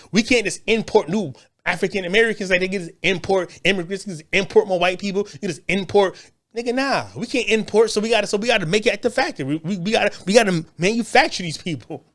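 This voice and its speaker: A man's voice: high voice, a bit bright, dry recording, studio quality. A man hosting an online show, ranting in a loose, rambling monologue with many stumbling restarts and frequent laughter. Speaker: show host.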